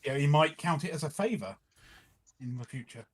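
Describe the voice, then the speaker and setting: Higher-voiced man, hesitant player. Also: lively intonation, brisk, slightly rough. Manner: hesitant, trailing off as he plans. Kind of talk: casual table talk.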